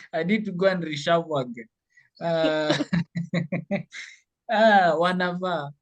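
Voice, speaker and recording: A language teacher speaking slowly and patiently on a video call, laughing often. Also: mid-range voice, low-quality recording. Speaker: Swahili teacher. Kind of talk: online language class.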